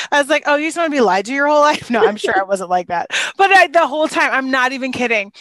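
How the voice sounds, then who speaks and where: Animated high-voiced woman telling stories. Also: dry recording. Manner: animated, laughing often, acts out quotes. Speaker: former youth minister. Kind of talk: casual storytelling chat.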